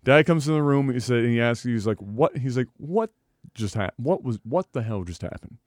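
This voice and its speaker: A man co-hosting a podcast, telling a profane, animated story full of laughter in casual talk. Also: mid-range voice, moderate pace, no echo, clean studio sound. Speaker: podcast co-host.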